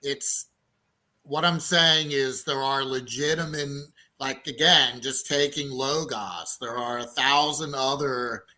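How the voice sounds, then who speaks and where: A man's voice: medium pitch, takes it slowly, bright, forceful tone. A man in a casual panel debate, reasoning through his skeptical view and often checking whether the other side agrees.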